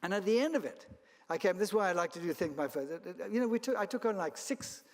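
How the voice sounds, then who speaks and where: A man's voice: high-pitched, expressive, fast talker. A man from Kenya and South Africa, a travel company founder, giving a rambling anecdotal keynote at an event. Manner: rambling storyteller with restarts and chuckles. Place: event hall. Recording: long hall reverb.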